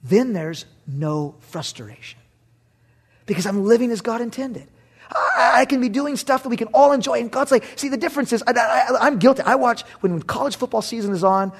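A man's voice: very high-pitched, husky. A middle-aged male pastor from Southern California, preaching a sermon in a humorous, conversational way and acting out quotes.

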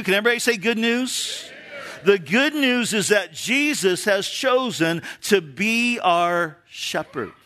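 A middle-aged man preaching a sermon as a pastor, animated, dropping his voice low for emphasis.

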